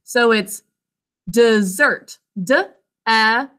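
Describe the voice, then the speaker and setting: Slow, bright-voiced woman teacher. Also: on the high side. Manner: patient, encouraging, sounds out words slowly. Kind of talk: phonics lesson for young children.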